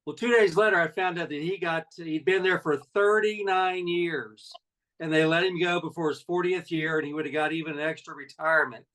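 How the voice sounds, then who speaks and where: A man's voice: a little high, fairly even intonation, brisk, a bit bright, recorded from a distance, rough recording. A man in his sixties, a network marketing leader, giving a folksy, conversational motivational talk full of personal stories.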